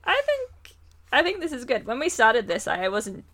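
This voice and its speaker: A woman hosting a podcast in casual chat, giggly and halting. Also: on the high side, wildly swooping pitch, fairly bright tone. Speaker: podcast host.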